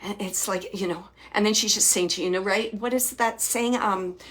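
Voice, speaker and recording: A woman hosting a psychic reading, relaying spirit messages in a soft, halting way with frequent restarts and repeated phrases, sometimes dropping to a near whisper. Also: medium pitch, fairly even intonation. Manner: drops to near-whispers at times. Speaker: psychic medium host.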